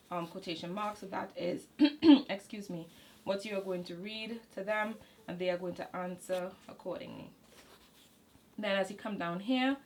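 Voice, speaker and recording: A woman's voice: fairly low pitch, slight background noise, low-quality recording. A woman hosting a homeschool channel, walking through a curriculum manual in a casual, explanatory way with fillers and self-corrections.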